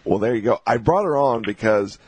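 A man hosting a talk radio show, talking in a halting way with many fillers and restarts. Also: medium pitch, lively intonation, a little mellow, slightly rough, no echo.

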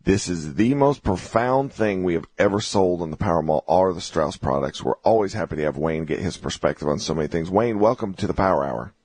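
A man hosting a talk radio show, talking in a halting way with many fillers and restarts. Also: low-pitched, lively intonation, darkish tone, no room sound.

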